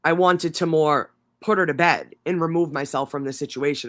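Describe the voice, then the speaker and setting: A man's voice: on the high side, moderate pace, fairly bright tone. A man co-hosting a livestream, reading trial testimony aloud and breaking in with mocking, profane asides. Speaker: livestream co-host.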